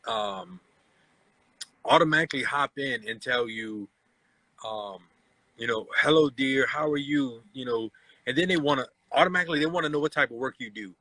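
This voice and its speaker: Bright and forceful, his medium-pitched voice moves at a normal speed but pauses often as this forties-aged host tells stories on a relaxed live chat, performing the voices he quotes. There's no room sound, though the audio is poor.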